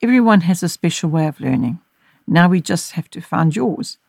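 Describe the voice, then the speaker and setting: A woman reading the lines of a gentle, caring mother in an audiobook, in a soft, reassuring voice. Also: on the low side, lively intonation, moderate pace, creaky, husky, dry recording, studio quality, full character voice. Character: gentle, caring mother soothing her daughter.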